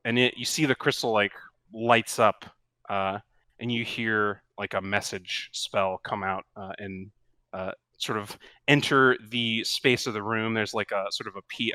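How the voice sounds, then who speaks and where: A man narrating a tabletop game as game master, in a relaxed and rambling way with many fillers. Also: on the low side, clean tone, no room sound.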